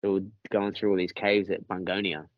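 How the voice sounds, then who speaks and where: A man's voice: deep voice, flat delivery, brisk, no echo, highs cut off. A man with an Australian accent telling a story in a casual podcast chat, rambling and swearing with many restarts.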